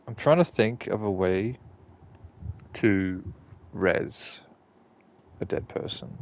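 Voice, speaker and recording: A man's voice: fairly low pitch, slow pace. A man giving casual gameplay commentary, laid-back and swearing freely while he mutters to himself. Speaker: gaming channel host.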